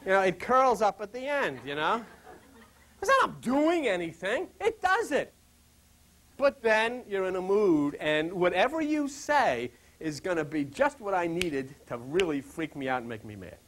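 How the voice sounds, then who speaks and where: Animated, high-voiced man teaching a group. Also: a little slow, poor audio. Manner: animated and rambling, with direct questions to listeners; chuckles through joking asides. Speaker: spiritual teacher. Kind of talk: informal spiritual lecture to a small group.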